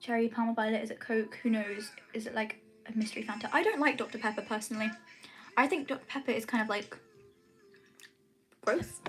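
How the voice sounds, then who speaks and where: A woman's voice: a little high, brisk, pauses often. A young woman chatting casually on a livestream from her room at home, rambling with lots of "like" and "um". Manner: chatty, rambling, says "like" and "um" often. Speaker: streamer.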